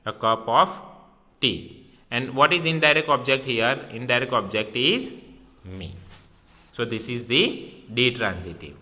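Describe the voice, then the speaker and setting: A male teacher walks through a grammar lesson at an unhurried, deliberate pace. His voice is bright and sharp-edged, and he repeats key words and poses questions that he answers himself. The sound carries a long reverb. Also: mid-range voice.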